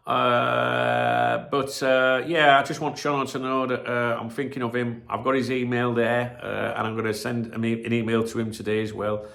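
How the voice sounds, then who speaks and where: Host, male, casual stream chat: rambling, blunt, foul-mouthed, gravelly edge. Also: medium pitch, normal speed, few pauses, a bit bright. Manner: rambling, blunt, swears freely. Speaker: channel host.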